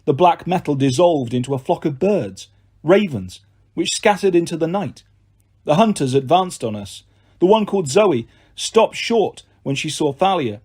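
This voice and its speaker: Moderately paced, this audiobook narrator brings dramatic expression to a first-person story. He sounds somewhat high and husky, with pitch that swings a lot between lines.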